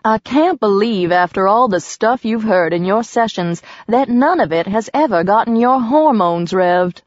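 A woman's voice: mid-range voice, lively intonation, unhurried, dry recording, lo-fi sound, pitched above the performer's own voice, natural voice. A woman reading aloud, voicing a bold, teasing young woman who works as a fortune teller. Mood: wisecracking. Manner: bold and wisecracking.

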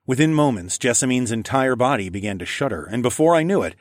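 A man narrating an adult story in the first person, with a low, steady reading that livens up in his character's quoted lines. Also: fast talker, dry recording, clean studio sound.

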